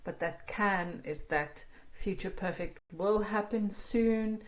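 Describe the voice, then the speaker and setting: A woman teaching a language lesson, explaining grammar slowly and translating each example sentence. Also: medium pitch. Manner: slow, explaining each word and translating line by line.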